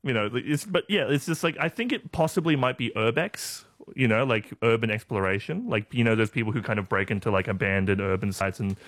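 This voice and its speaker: A man co-hosting a casual news chat, deadpan and rambling with many fillers. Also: medium pitch, a little fast, hardly any pauses, dry recording. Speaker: co-host.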